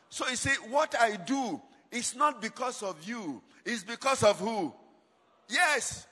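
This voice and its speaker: High-pitched man preaching in a reverberant hall. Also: sing-song, slow pace, sharp tone, breathy edge. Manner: call-and-response questions to congregation; emphatic, dramatic shifts in volume. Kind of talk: sermon.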